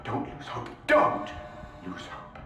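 A man's voice: slow pace, pushed and bright, faint music behind. An actor playing a remorseful male scientist in a sci-fi horror game, talking in an urgent, confessional way. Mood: agitated. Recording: echoey game audio.

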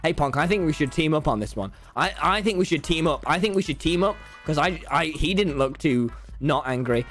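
A British teenage boy streaming a game, chatting casually in a teasing, mock-indignant way that breaks into shouting. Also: fairly high pitch, expressive, fairly quick, hardly any pauses. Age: teens. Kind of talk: casual gaming chat. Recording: faint game music behind.

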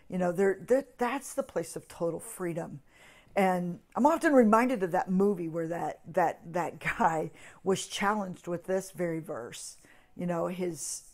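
A woman's voice: on the low side, a little mellow. A woman giving a short devotional talk for a ministry, earnest, often repeating and restarting phrases as she builds emphasis. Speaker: ministry speaker.

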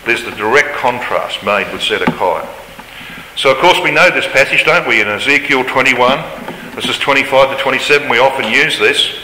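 Man, Bible study lecturer, emphatic, sharp bright tone, roomy reverb, faint background hum. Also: medium pitch, normal speed. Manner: emphatic, rising when reading scripture aloud. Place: large lecture hall.

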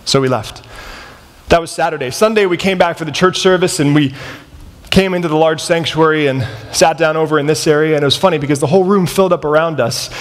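A man in his thirties giving a storytelling sermon in a large college chapel, animated and acting out the dialogue. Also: on the high side, quick pace. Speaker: chapel speaker. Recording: long reverb of a large chapel hall.

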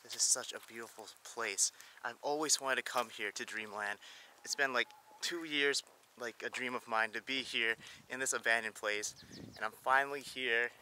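A man vlogging as he explores a large abandoned theme park outdoors, talking excitedly to a handheld camera as he walks. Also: mid-range voice, moderate pace, a little hiss or hum. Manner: excited, wide-eyed, talks to camera while walking. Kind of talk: casual vlog narration.

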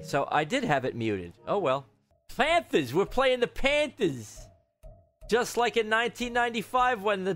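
A man giving loud, swearing commentary while playing a football video game, reacting to every play. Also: on the high side. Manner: excitable, yells and swears at the game. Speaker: gamer streamer. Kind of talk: live gameplay commentary.

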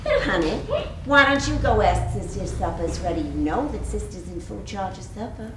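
Brief: actress as gushing Southern-accented mother, middle-aged, lively pitch, heard distant in an echoey theater with hiss. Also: normal speed, natural voice. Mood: wistful. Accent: American Southern. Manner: chattering, flirtatious, fluttery with little laughs. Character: faded Southern belle mother, fussy and gushing. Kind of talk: stage play performance. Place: theater stage. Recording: roomy stage audio from far off with hiss.

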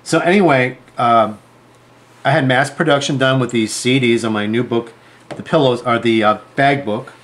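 Speaking to camera at a normal pace with a medium pitch, a male sewing designer rambles chattily through a story, bringing the quoted lines to life with animated delivery.

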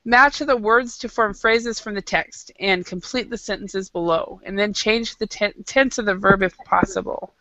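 A woman's voice: medium pitch, moderate pace, few pauses, sharp tone, dry recording, dull audio. A woman teaching an English class, patient and explaining with frequent restarts. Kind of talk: classroom lesson.

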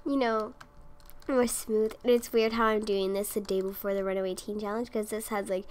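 A woman's voice: medium pitch, fairly even intonation, moderate pace. A young woman giving casual gameplay commentary, often exasperated and talking to the characters on her screen. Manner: exasperated, talks to the game characters. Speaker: gaming video creator.

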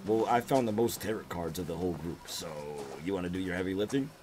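A young man hosting a co-op gameplay stream, bantering loudly in slang and shouting directions to his partner. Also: low voice, fast talker, background noise. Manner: loud slang-heavy banter, shouting instructions. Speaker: streamer host. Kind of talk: casual co-op gameplay chat. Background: game music.

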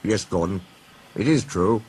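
A man voicing a kindly, middle-aged male railway boss who speaks gently and reassuringly. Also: fairly low pitch, expressive, unhurried, noisy background.

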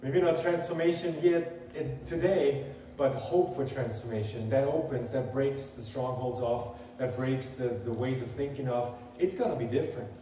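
A man's voice: medium pitch, steady tone, moderate pace, few pauses, dark tone, a little hiss or hum. A male pastor giving a sermon, earnest and conversational, building emphasis as he quotes scripture. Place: church sanctuary. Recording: echoey hall, voice from far off.

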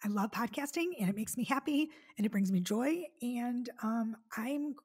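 A Detroit-area woman in her forties hosts her own casual solo podcast, chatty and effusive, filling her talk with fillers while sounding tearful. Her voice sits a little high, moves at normal speed, and has a darkish tone with a breathy edge.

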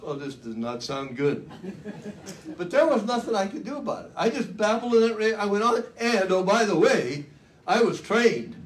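Brief: older male speaker, fairly high voice, folksy dramatic storyteller, faint room hiss. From United States. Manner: folksy, dramatic, self-mocking humor. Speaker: keynote speaker. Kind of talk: storytelling speech. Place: luncheon event hall.

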